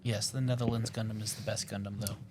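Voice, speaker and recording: A man co-hosting a podcast in casual chat, rambling excitedly with lots of fillers and self-corrections. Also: fairly low pitch, fast, noisy background. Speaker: podcast co-host.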